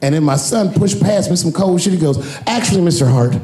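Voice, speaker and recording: A man's voice: high voice, a little fast, warm tone. A man doing stand-up comedy, telling a loose story with swearing and acted bits. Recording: roomy live stage recording with audience. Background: audience.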